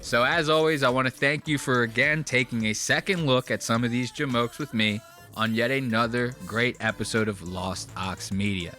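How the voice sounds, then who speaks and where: A man hosting a podcast, reacting to clips in casual commentary, excitable and swearing freely. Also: medium pitch, moderate pace, faint music behind. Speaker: podcast host.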